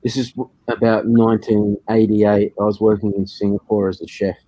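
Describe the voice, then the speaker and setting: A man's voice: fairly low pitch, little pitch movement, moderate pace, warm tone, no echo, poor audio. An Australian man telling a tall story in a casual voice chat, laid-back and chuckling at his own jokes.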